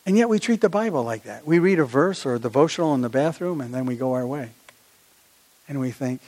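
A middle-aged man preaching a sermon as pastor, animated, climbing to emphatic peaks and sinking low again. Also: brisk.

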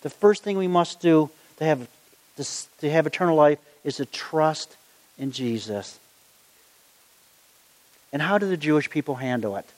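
A man's voice: a little high, animated, measured pace, pauses often, a little mellow. A middle-aged man preaching a sermon, earnest and conversational as he tells stories from his own life. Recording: long hall reverb.

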